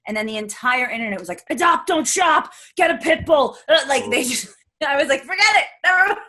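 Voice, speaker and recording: Playful wry woman, bright and high. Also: lively intonation, a little fast. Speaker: podcast co-host. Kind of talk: casual chat.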